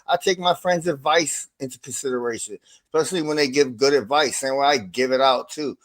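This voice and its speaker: A man co-hosting a casual livestream, ranting in an animated, profane way. His voice sits at an ordinary middle pitch. He swings between loud bursts and quieter asides. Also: brisk. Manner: animated, profane, laughing rants.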